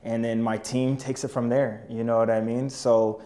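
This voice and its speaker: A young man chats as a podcast guest. His voice sits in the middle range, and his talk is relaxed and full of street slang. He keeps checking in with his listener as he tells his stories. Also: mid-range voice, moderate pace. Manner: laid-back, slangy, keeps saying "you know what I mean". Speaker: podcast guest, business owner. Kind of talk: casual storytelling chat.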